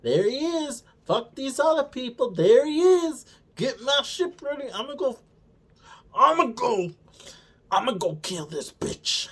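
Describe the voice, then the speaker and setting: Overeager armored villain, crude and shrill, mocked in a raised voice by a male reviewer. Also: measured pace, husky, exaggerated voice. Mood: eager. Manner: excited, crude, repeating himself.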